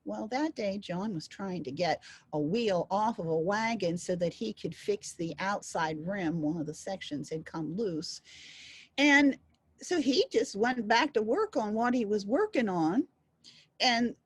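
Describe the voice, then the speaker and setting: A woman storyteller telling a folk tale in a playful, animated way. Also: mid-range voice, a little slow, husky, no echo.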